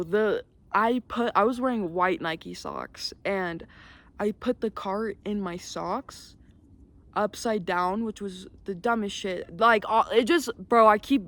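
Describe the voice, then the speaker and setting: A woman's voice: mid-range voice, fairly bright tone. A young woman telling a story in casual, rambling chat, swearing freely and leaning on fillers, outdoors with wind. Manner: rambling, profane, filler-heavy. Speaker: vlogger. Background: wind and passing vehicles.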